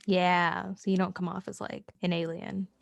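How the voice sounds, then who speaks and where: A young adult woman co-hosting a casual podcast, chiming in with playful jokes and quick affirmations. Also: fairly low pitch, level tone, gravelly, no room sound. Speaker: podcast co-host. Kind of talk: casual chat.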